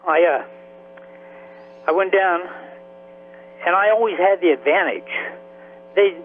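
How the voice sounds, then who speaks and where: A man in his seventies, a veteran and author, telling his story in a halting, emotional way with many restarts. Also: high-pitched. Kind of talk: radio interview by phone. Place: Florida. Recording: tinny phone line with faint hiss.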